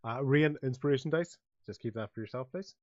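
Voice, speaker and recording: A man narrating a tabletop game as its game master, at a middling pitch, with halting delivery and frequent fillers. His voice comes through dull and lo-fi, very dry. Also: a little mellow, dry recording. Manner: hesitant, full of fillers.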